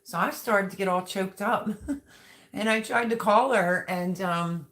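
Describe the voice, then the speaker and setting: A woman's voice: mid-range voice, a little slow, fairly bright tone. A woman hosting a casual livestream, chatty and gushing as she reads out viewer comments. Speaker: livestream host.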